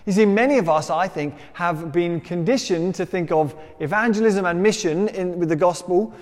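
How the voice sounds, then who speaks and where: A man's voice: high voice, moderate pace, long reverb tail. A man delivering a conversational sermon, telling stories with self-deprecating humour. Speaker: preacher.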